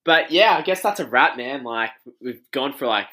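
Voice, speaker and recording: A man's voice: medium pitch, lively intonation, normal speed, bright, forceful tone. A young Australian man in his twenties hosting a podcast in casual chat, loose, laughing and swearing often. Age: 20s. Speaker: podcast host.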